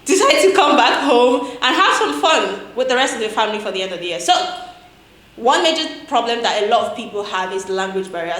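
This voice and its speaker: A woman's voice: a little high, fairly bright tone. A young Nigerian woman with a Nigerian accent, hosting a playful, chatty language tutorial vlog and laughing often. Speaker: vlogger. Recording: echoey room.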